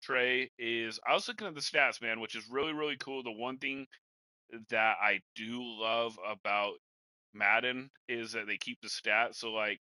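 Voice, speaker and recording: A man's voice: mid-range voice, normal speed, bright, forceful tone, no room sound, rough recording. A young man hosting a podcast, chatting in a laid-back, rambling way and calling his cohost bro and man. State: has the hiccups. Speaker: podcast host and Madden gamer. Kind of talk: casual podcast chat.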